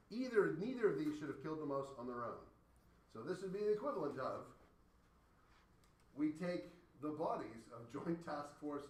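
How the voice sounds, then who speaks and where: A man from Canada teaching a high school science class, explaining with playful, joking analogies. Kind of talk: classroom lecture. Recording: echoey classroom from far off.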